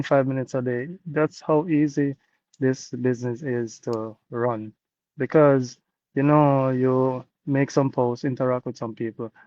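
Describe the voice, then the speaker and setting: A Jamaican-accented man, a business owner appearing as an interview guest on a video call, tells his business story in an earnest, repetitive, motivational way, like a casual testimonial. His mid-range voice is warm with no echo, and the call audio sounds dull and dry.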